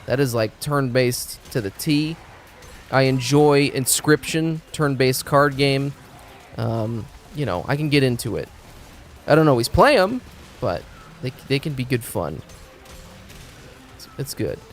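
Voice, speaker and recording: A man's voice: mid-range voice, expressive, unhurried, long pauses, a little hiss or hum. A man streaming games in a rambling, profane chat, stumbling over his words and restarting sentences. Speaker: game streamer. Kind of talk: casual live-stream chat.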